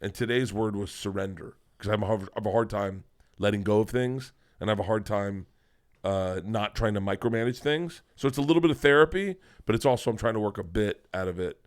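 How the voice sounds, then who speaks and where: A man's voice: on the low side, brisk. A man, a guest comedian, telling rambling, profane stories in casual podcast talk in a studio. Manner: profane, rambling, energetic storyteller.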